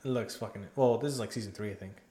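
A man co-hosting a casual podcast, bantering quickly with laughter and swearing. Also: fairly low pitch, mellow. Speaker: podcast co-host. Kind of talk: casual chat.

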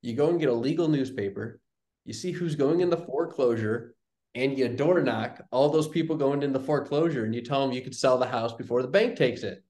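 A man's voice: medium pitch, fairly quick. A young man, a guest on an interview show, casually telling a story and acting out the dialogue. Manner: animated storyteller, acts out quoted dialogue. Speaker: guest, real estate investor. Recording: roomy echoey sound.

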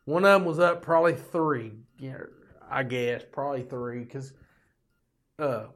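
An older man with a drawl hosts his own podcast, delivering a rambling monologue of profane stories with folksy, joking asides. His voice is mid-range and fairly bright, at a measured pace.

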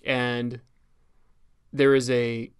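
A man's voice: medium pitch, flat delivery, extremely slow, clean tone. Man explaining in wry casual chat. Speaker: podcast co-host.

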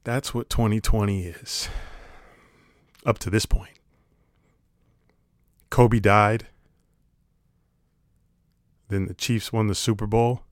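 A man's voice: fairly low pitch, no echo, studio quality. A man talking to camera in a casual comedic monologue, sarcastic and rambling, swearing casually. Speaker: vlogger.

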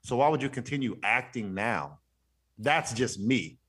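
A man's voice: mid-range voice, expressive, a little slow, a bit bright, breathy edge. A man co-hosting a podcast, laying out his opinions point by point in casual chat. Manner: thoughtful, explains point by point. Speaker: podcast co-host.

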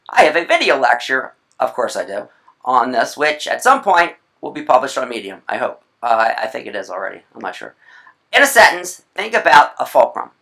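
A writing instructor giving a recorded video lecture, chatty, with playful asides and quick self-corrections. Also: medium pitch, gravelly, fairly bright tone.

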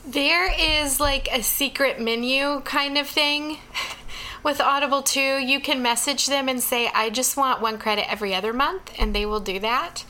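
Woman w/ a kinda little-girl sounding voice, a bit high, giggles a lot, just chatting. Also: moderate pace, soft background music. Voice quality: youthful, girlish-sounding voice. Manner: giggly, relaxed. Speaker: podcast co-host. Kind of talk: casual chat.

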